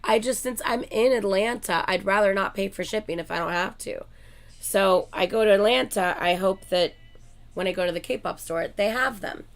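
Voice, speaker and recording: A woman hosting her channel in a casual chat with viewers, excitable and gushing like a fan, swearing often and filling her talk with "like.". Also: mid-range voice, normal speed. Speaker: channel host chatting with viewers.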